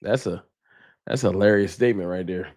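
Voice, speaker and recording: A man's voice: deep voice, brisk, a little mellow. Laid-back man greeting livestream viewers. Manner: laid-back, slangy, reads out viewer names. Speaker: host of a fan livestream.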